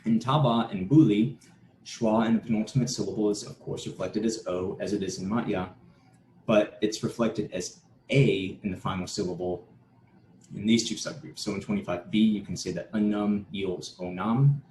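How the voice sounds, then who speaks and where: A man's voice: fairly low pitch, steady tone, moderate pace, darkish tone. A man giving an academic conference talk, explaining steadily and restarting a word now and then. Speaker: conference presenter. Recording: echoey room with faint noise.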